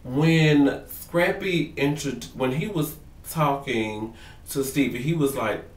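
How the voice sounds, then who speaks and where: A man casually reviewing a reality show for his vlog, talking in animated, profane slang and acting out what people said. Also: mid-range voice, slow, distant mic. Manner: animated, profane, slangy, acts out quotes in voices. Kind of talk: casual gossip commentary to camera. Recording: roomy sound, away from the mic.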